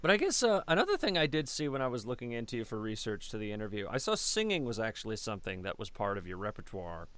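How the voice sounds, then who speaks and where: Smooth-voiced male interviewer. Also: on the low side, huge pitch swings, fast talker, hardly any pauses, a bit bright, no echo. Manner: chatty, laughs easily. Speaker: interview host. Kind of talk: casual interview.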